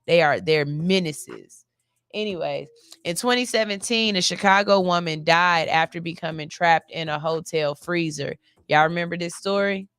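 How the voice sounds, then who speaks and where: A woman's voice: on the low side, moderate pace, a bit bright, clear, resonant tone, no room sound. A woman hosting a morning radio show, reading stories in a loose, chatty way and cursing casually. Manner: chatty, loose, curses casually, yawns between lines. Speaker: radio host. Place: cold studio.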